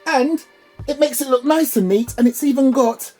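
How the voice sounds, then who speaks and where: A man doing an upbeat, high-pitched reviewer persona, playfully showing off a product in his small home studio. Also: moderate pace, a little mellow, faint music behind. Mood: enthusiastic. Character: chirpy high-voiced male gun reviewer persona.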